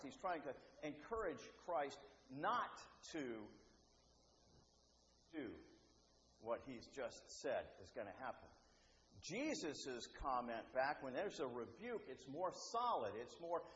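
Guy preaching in a big echoey room, fairly high voice, animated, kinda muffled sound. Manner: animated, acts out quoted voices, repeats and restarts. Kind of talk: sermon. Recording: roomy, dull, faintly noisy hall.

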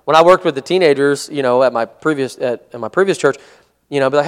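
A man leading a casual Bible study as a pastor, conversational and given to chuckles and "Amen?" checks, slowing into a measured tone when reading scripture aloud. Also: fairly high pitch, lively intonation, long reverb tail. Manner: conversational, chuckles often, asks "Amen?" and "right?".

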